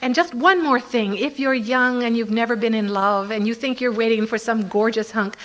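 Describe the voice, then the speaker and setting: An older woman giving a personal testimony to a recovery meeting, telling her story in an animated way and acting out her own inner voice. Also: a little high, moderate pace. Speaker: Al-Anon speaker.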